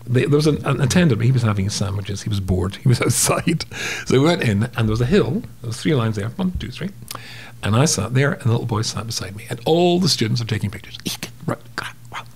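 Gravelly-voiced man telling a lively anecdote. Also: medium pitch, fast talker, few pauses. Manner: animated storyteller, acts out sounds and voices. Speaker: guest storyteller. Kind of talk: casual anecdote in a podcast interview.

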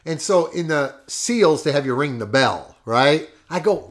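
A man hosting a podcast, telling a coaching story in a lively, emphatic way and laughing often. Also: fairly high pitch, measured pace, hardly any pauses. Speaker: podcast host and fitness coach. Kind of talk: casual storytelling.

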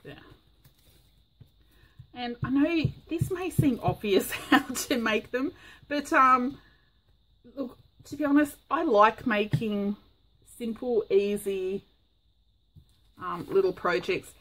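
A woman's voice: on the high side, takes it slowly, pauses often, fairly bright tone, low-quality recording. A woman vlogging a casual crafting tutorial, chatty and rambling with frequent ums.

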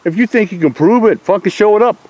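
A middle-aged YouTuber rants profanely into the camera at his online critics, taunting and cursing them between mocking laughs. His voice is high and darkish and he talks fast. The audio is poor but has no echo.

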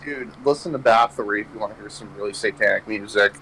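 A man's voice: on the low side, quick pace, sharp tone, a little hiss or hum, low-quality recording. A young man hosting a podcast, telling a rambling story full of swearing and laughing at his own jokes. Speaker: podcast host. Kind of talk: casual storytelling chat.

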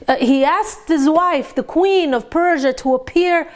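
A middle-aged woman teaching a lively Torah lecture, animated, asking rhetorical questions and dropping in Hebrew terms. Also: high-pitched, measured pace.

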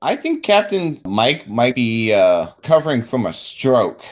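A man's voice: medium pitch, big pitch swings, a little slow. A man co-hosting a podcast, chatting casually and adding wry, joking asides about the episode. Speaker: podcast co-host. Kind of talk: casual chat.

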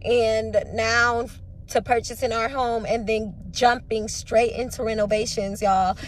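A woman's voice: on the high side, little pitch movement, measured pace. A woman in her twenties talking casually to camera in a vlog, venting her frustration and sometimes tearful. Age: 20s. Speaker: vlogger.

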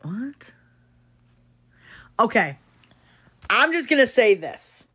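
A woman's voice: mid-range voice, lively intonation, a little slow, fairly bright tone. A woman livestreaming to her chat, talking casually and earnestly, repeating herself and checking in with "okay?" as she urges viewers to ignore online hate. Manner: repetitive, keeps adding "okay?" to reassure viewers.

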